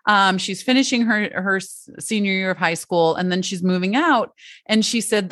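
A woman's voice: mid-range voice, moderate pace, fairly bright tone, no room sound, studio quality. A woman giving parenting advice in a casual, chatty way, full of fillers and asides.

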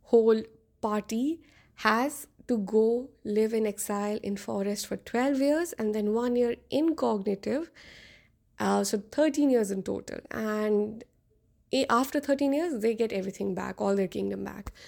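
A woman's voice: on the high side, creaky, a little mellow. A woman voicing an arrogant young male prince who insistently argues and bargains, in a storytelling podcast.

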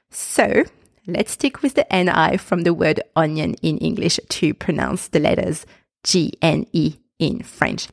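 A woman hosts a pronunciation podcast, talking slowly and patiently. Her voice sits slightly low, and she repeats each sound so listeners can follow. The recording is close and dry, with no room sound. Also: vocal fry, no room sound. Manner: slow, careful, repeats sounds for the listener to copy. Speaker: podcast host and pronunciation teacher.

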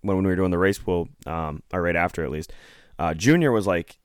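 A man's voice: low voice, normal speed, clean tone, no room sound, clean studio sound. A man hosting a casual chat, reading listener questions and telling a rambling story. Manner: laid-back, rambling, swears casually.

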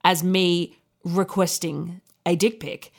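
A woman's voice: fairly low pitch, fairly even intonation, slow pace, creaky. A woman, co-hosting a podcast and telling a story in casual chat, candid and laughing often. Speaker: podcast co-host.

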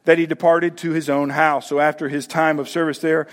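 A man's voice: on the high side, flat delivery, brisk. A man pastor preaching a sermon, talking to the congregation with direct questions and frequent restarts.

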